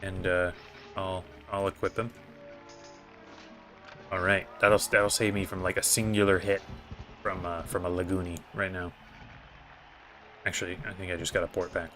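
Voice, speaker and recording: A man's voice: sits low, level tone, moderate pace, pauses often, a bit bright, faint music behind. A man giving casual gameplay commentary as host, thinking aloud in a hesitant way with many fillers. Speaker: gaming video host.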